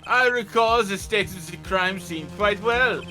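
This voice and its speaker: A smooth, self-assured prosecutor played by a man speaks in an exaggerated fake German accent in a fan game dub. The voice is high and bright, theatrical and a little smug. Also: a little slow, soft background music, heavily acted. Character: suave, smug young male prosecutor. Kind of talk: casual fan voice-over of a game.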